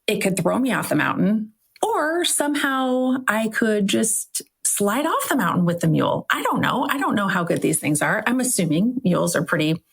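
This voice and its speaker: A woman's voice: medium pitch, vocal fry, breathy edge. A middle-aged woman from Iowa hosting a solo podcast, telling a travel story in a chatty, self-questioning way. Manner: chatty, self-questioning, frequent "right?" tags. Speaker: podcast host.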